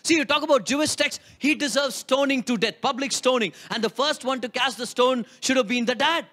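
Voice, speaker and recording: Pastor, high-pitched and emphatic sermon delivery. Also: male voice, a little fast, a bit bright. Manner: emphatic, rhetorical questions, repeats key lines.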